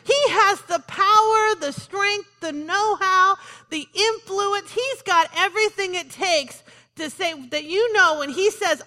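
Woman, pastor, sermon, jokey and conversational, bright sharp tone, long hall echo. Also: very high-pitched. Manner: conversational with joking asides and repeated "Amen".

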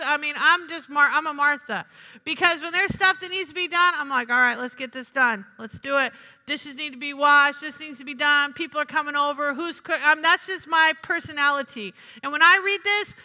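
Woman pastor preaching, high bright voice, big echoey church hall. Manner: lively preaching with acted-out asides, rising and dropping sharply. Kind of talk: sermon.

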